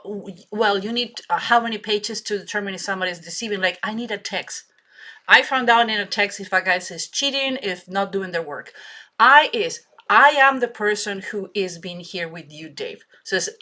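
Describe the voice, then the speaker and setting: A woman guest explaining her expertise in an emphatic, animated way, with grammar. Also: medium pitch. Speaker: guest, body language expert. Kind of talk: interview answers.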